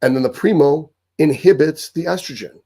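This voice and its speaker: Husky-voiced man ranting bluntly. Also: on the high side, normal speed, warm tone. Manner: repeats phrases for emphasis. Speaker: host answering viewer questions. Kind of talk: live Q&A monologue.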